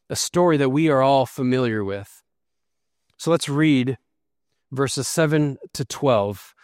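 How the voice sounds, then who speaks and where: A man's voice: mid-range voice, dry recording, clean studio sound. A man preaching an expository sermon, earnest and emphatic as he explains and reads scripture. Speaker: pastor.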